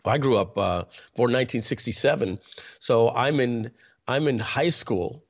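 This is a man in his fifties with a voice of ordinary pitch. He talks in a loose, conversational way, clearing his throat and doubling back on his words as he recounts his own life. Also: a little slow, muffled recording. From New York. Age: 50s. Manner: conversational, many fillers and restarts, clears throat often. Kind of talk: personal storytelling.

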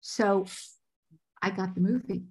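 A woman casting director telling stories in a podcast interview, lively and acting out the voices of people she quotes. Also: mid-range voice, slow, creaky, husky. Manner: animated, acts out quoted voices.

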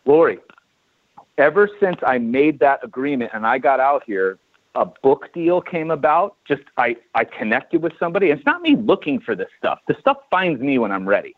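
A man's voice: medium pitch, big pitch swings, normal speed, no room sound. A man in his forties from California, a chiropractor guest telling a story in a casual interview and acting out the dialogue. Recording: tinny phone-like dry line.

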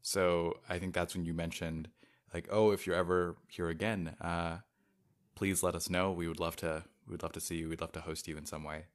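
A man from California in casual conversation, laid-back and quick to laugh. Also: deep voice, level tone. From California, United States.

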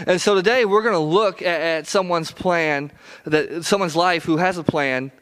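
A man's voice: fairly high pitch, normal speed, a bit bright. A man in his thirties, a pastor preaching an earnest, conversational sermon in a church. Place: church sanctuary.

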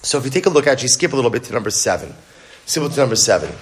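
In an animated Torah class, a man with a mid-range voice lectures by posing questions and answering them himself. He speaks in quick bursts and often restarts, with slight background noise audible.

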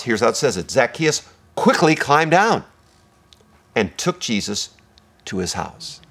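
A man preaching a sermon as pastor, swinging between hushed, intimate lines and loud, emphatic ones. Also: medium pitch, very animated, moderate pace, husky.

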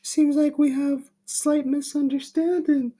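A man voicing a creepy, smiling, doll-like stranger in a soft eerie falsetto. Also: level tone, a little slow.

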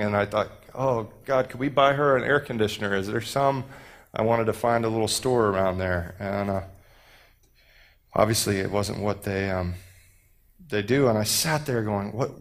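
Conversational male pastor, low voice. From Houston, Texas. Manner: conversational and joking, many fillers and restarts. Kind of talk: sermon to a youth group.

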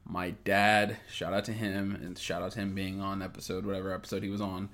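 A man's voice: sits low, little pitch movement, brisk, a bit bright. A young man co-hosting a podcast, laid-back and swearing freely, with a slightly stuffy nose from a cold. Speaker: podcast co-host. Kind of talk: casual podcast chat.

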